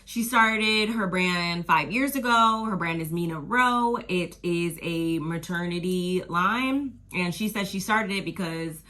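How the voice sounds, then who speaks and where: A chatty woman recapping a reality TV episode from her own channel, her voice bright and forceful. She talks in loose slang, laughs often, and acts out her own reactions. Her pitch sits a little low for a woman. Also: measured pace, few pauses. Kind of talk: casual recap and review.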